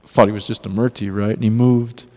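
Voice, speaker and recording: A man giving a devotional class in a temple hall, telling personal stories in an earnest, animated way. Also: on the low side, brisk. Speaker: class speaker. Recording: long reverb of a hall.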